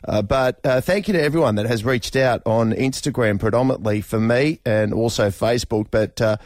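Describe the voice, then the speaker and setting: A man's voice: medium pitch, fairly quick, darkish tone, dry recording, clean studio sound. Chatty Australian male radio host. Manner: rambling and chatty, with many fillers and restarts, often laughing. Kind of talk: casual radio chat. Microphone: studio microphone.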